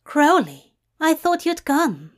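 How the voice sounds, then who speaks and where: A woman voicing Aziraphale, a nervous, eager young man who speaks softly and hopefully, in a fanfic reading. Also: high-pitched, sing-song, takes it slowly, pitched above the performer's own voice, heavily acted. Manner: soft-spoken, hopeful.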